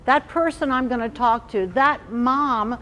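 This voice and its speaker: A woman trainer giving an animated workshop talk, acting out little quoted inner voices as she explains. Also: a little high, a little slow, a little hiss or hum, rough recording.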